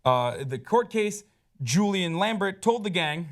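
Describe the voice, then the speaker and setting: An American man co-hosting a laid-back pop-culture show. He talks in an animated, jokey way and riffs freely. His voice sits a bit above the usual male range. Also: high voice. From United States. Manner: animated, jokey, quick to riff. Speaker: co-host. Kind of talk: casual pop-culture chat.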